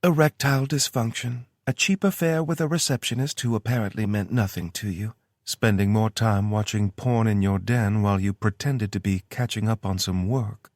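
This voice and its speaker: A man's voice: on the low side, steady tone, normal speed, few pauses, no echo, clean studio sound, voice pushed up, close to an everyday voice. A man voicing a playful, teasing young woman with a Kentucky accent in an audiobook. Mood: mocking. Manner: teasing, mock-serious. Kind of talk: audiobook character voice.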